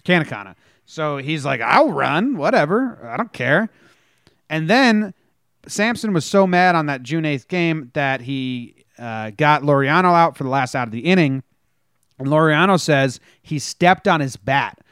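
A man's voice: fairly high pitch, normal speed, fairly bright tone, clean tone, no echo, studio quality. A man co-hosting a casual sports podcast, telling stories animatedly and acting out players' lines. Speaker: podcast co-host.

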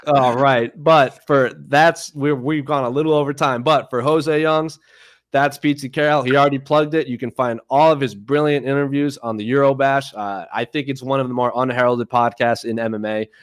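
A man co-hosting a casual podcast, chatty and quick to laugh. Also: medium pitch, fairly even intonation, no echo, studio quality. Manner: chatty, laughs easily, some restarts. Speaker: podcast co-host. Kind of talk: casual podcast chat about MMA.

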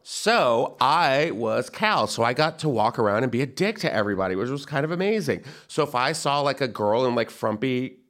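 Brief: male comedy podcast host, lively and camp, laughs through his anecdotes. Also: medium pitch, normal speed, few pauses. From San Antonio, Texas. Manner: animated, camp, laughing at own jokes. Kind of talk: casual comedic storytelling.

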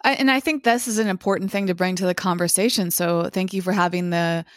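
A woman co-hosting a podcast who talks in a curious, supportive way and asks gentle follow-up questions. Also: fairly low pitch, steady tone, quick pace, dry recording, studio quality. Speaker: podcast co-host. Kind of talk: conversational chat.

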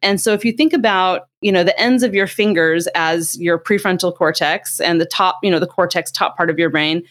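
Middle-aged woman, parenting expert, conversational, animated storyteller, acts out quotes. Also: fairly low pitch, fairly quick. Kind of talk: conversational explaining.

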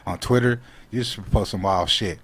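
A man speaking, talking in a loose, casual podcast chat that turns animated when he gets excited. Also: lowish voice, moderate pace, a little hiss or hum. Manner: laid-back street slang, animated when excited. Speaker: social media creator, podcast guest.

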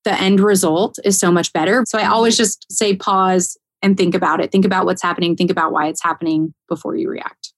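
A woman in casual podcast conversation, telling a story in an animated way and laughing often. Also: on the low side, brisk, few pauses, no room sound. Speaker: caregiver.

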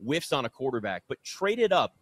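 A man's voice: mid-range voice, big pitch swings, normal speed, fairly bright tone. A man hosting a sports talk radio show, making emphatic, repetitive points as he builds his case.

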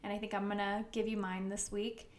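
A quick, chatty woman co-hosts a podcast, tumbling through her thoughts with plenty of ums. Her voice sits at an ordinary middle pitch, and the room around her gives it a noticeable echo. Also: level tone, a little hiss or hum. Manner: talks fast, with many ums. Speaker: podcast co-host. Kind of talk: casual chat.

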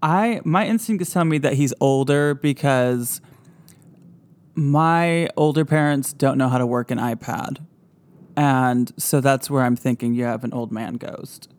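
A host with a voice in the middle pitch range asks curious follow-up questions in a casual interview. The delivery is reactive and conversational. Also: unhurried, a little mellow.

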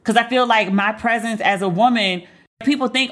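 A woman's voice: a little high, normal speed. A woman in a casual commentary monologue, talking candidly and profanely and acting out other people's voices as she retells stories. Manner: candid, profane, animated storytelling.

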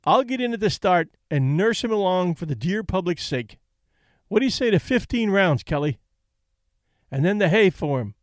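A man's voice: sits high, animated, normal speed, no room sound, studio quality, voice pushed up. A man reading an audiobook, voicing a cocky, shrewd young male boxer with a breezy, boastful manner.

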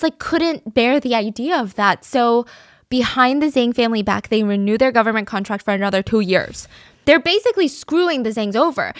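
A woman narrating a true crime case in a chatty, animated storytelling manner, acting out the quotes. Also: mid-range voice, dry recording, clean studio sound. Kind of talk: casual storytelling.

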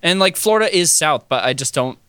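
An American man talking through his thoughts in a relaxed podcast chat, hedging with fillers as he goes. His pitch sits mid-range and moves a lot. The mic sound is dry and close. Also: a little fast, clear, resonant tone, dry recording. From United States. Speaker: podcast co-host. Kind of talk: casual chat.

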